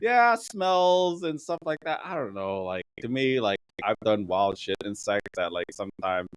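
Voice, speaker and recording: A man's voice: on the low side, sing-song, normal speed, clean tone, dry recording, rough recording. A man on a podcast, telling rambling, raunchy stories in casual chat and laughing often mid-sentence. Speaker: podcast host.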